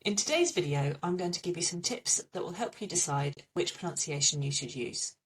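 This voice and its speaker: A woman's voice: on the low side, expressive, brisk, distant mic. A woman with an English accent teaching a French pronunciation lesson, patiently repeating little memory tips.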